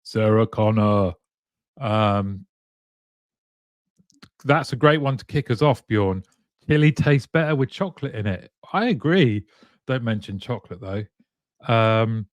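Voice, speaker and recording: A man's voice: medium pitch, expressive, slow pace, long pauses, no room sound. A man hosting a live stream, chatting casually and greeting viewers one by one by name, with plenty of ums. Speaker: live show host.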